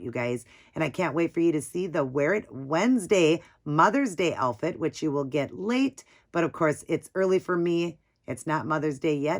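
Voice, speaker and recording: A woman's voice: sits low, vocal fry. Chatty woman gushing over nail art. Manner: chatty and gushing, talks while working. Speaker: nail art tutorial host. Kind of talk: casual step-by-step tutorial.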